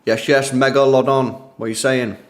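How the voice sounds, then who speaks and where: A man's voice: mid-range voice, flat delivery, moderate pace. A young man, streaming a football watchalong, chatting casually and greeting donors by name in slangy speech. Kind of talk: casual live-stream chat reading donations.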